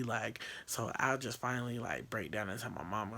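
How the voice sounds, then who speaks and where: A man's voice: on the low side, moderate pace, creaky, hardly any pauses, sharp tone. Candid young man telling a rambling story. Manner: candid, profane, rambling with fillers. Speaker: vlogger. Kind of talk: casual storytelling.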